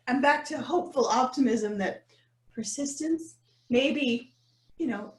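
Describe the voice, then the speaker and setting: A woman's voice: a little high, a little slow, reverberant. A woman podcast co-host in casual chat. She tells a story with lots of laughter and acts out her own inner voice.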